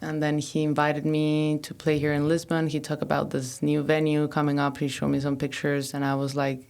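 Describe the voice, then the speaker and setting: Low, gravelly-voiced woman DJ, unhurried. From Mexico and Norway. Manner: relaxed, rambling with many fillers. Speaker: DJ and producer guest. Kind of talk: casual interview talk. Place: artist room of a venue.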